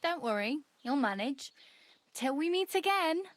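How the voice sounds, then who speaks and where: A woman's voice: high voice, expressive, a little slow, no room sound. An actress voicing a guarded woman in a video game who gives a stranger careful warnings. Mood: reassuring.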